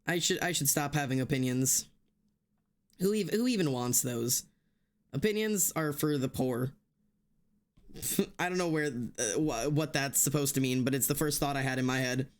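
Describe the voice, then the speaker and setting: A man's voice: medium pitch, moderate pace. A man streaming live who swears heavily, rants hotly and then laughs it off, talking straight to his chat with many restarts. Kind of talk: casual livestream chat.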